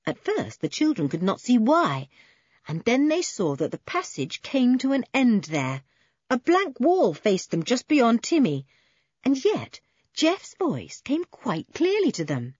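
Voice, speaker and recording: A woman reading a children's adventure story aloud with expressive narration. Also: fairly high pitch, a little slow, husky, dry recording, highs cut off.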